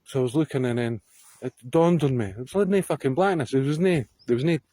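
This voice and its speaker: Outdoors on a hillside, a Scottish vlogger tells a story to camera, rambling, swearing freely and laughing often. His medium-pitched voice is fast with a dark tone and no echo.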